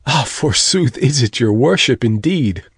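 A man's voice: medium pitch, animated, measured pace, slightly rough, no room sound, studio quality, exaggerated voice. A man voicing an old village woman who is secretly a witch, chattering in a gossipy way. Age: over 60.

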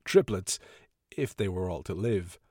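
A man narrating a story in an even, measured reading. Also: deep voice, slightly rough, dry recording, clean studio sound.

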